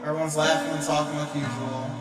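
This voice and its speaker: A young man livestreaming, telling a rambling, animated story and laughing often. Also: a little high, fast. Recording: echoey room, distant mic, guitar music. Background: guitar music.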